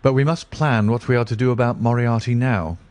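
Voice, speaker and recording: A man reading the lines of a calm, clever male detective in a measured, assured way. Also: medium pitch, no room sound, pitched above the performer's own voice, close to an everyday voice.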